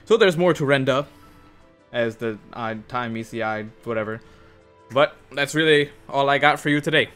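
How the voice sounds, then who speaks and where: A young man casually telling a work story for his gaming channel, animated and cursing, acting out the other people in shifting voices. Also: medium pitch, normal speed, clean tone. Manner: animated, swears, acts out quotes in shifting voices. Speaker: gaming youtuber. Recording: faint music underneath.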